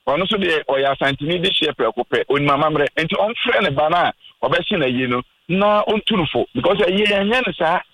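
A man's voice: a little high, animated, brisk, few pauses, fairly bright tone, no room sound, poor audio. Earnest man pleading on radio. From Ghana. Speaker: family spokesman. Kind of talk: radio interview talk.

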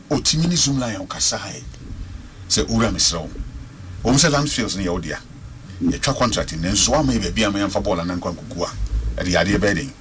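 A Ghanaian man phones in to a radio talk show, his voice bright and tense and his pitch swinging widely. He hammers his points home by repeating words. A faint hiss sits under the call. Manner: emphatic, repeats words for stress. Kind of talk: passionate radio call-in commentary.

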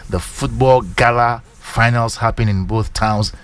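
A man with a Ghanaian accent, a radio co-host doing an energetic, chanting ad read. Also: mid-range voice, unhurried, clear, resonant tone, no room sound. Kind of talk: hyped ad read.

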